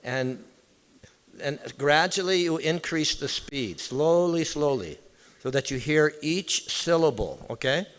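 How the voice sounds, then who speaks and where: Man giving a casual temple talk, kinda high voice, lots of hall reverb, chatty and direct with the crowd. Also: slow, a bit bright. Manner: conversational, chatty, addresses listeners directly. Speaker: visiting temple speaker. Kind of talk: informal devotional talk with audience.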